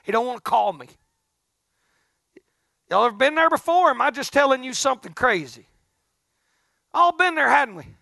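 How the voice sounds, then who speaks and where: A middle-aged man preaching a folksy storytelling sermon, swinging from hushed asides to loud outbursts. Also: very high-pitched, very animated, normal speed, creaky, long pauses, no echo, studio quality.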